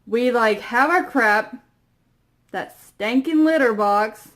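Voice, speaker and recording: A young woman tells a story to her camera at an unhurried pace, her voice sitting a little high. She rambles, piles on fillers and lets her asides drop off quietly. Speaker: vlogger.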